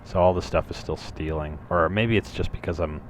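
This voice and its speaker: A man talks over his gameplay in a relaxed, rambling way, tossing in curses and jokey asides. His voice sits very low. A faint hiss runs under the recording. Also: fairly quick. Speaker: gameplay commentator. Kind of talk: casual gameplay commentary.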